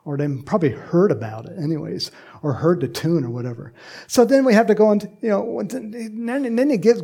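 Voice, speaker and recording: A man delivers a sermon in a loose, conversational way, slipping into playful acted voices. His voice is gravelly and a touch husky, pitched a little high for a man. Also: mellow. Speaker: pastor.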